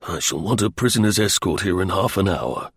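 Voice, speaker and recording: A man voicing a calm, shrewd British intelligence officer in an audiobook reading. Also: low voice, a little fast, husky, no echo, studio quality, heavily acted. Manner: imperturbable, dryly confident. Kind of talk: audiobook character voice.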